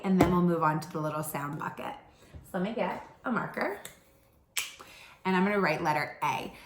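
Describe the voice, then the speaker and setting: A woman teaching a pre-K phonics lesson, gently sounding out letters and words with exaggerated repetition. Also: lowish voice, roomy sound. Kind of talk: slow early-childhood phonics lesson.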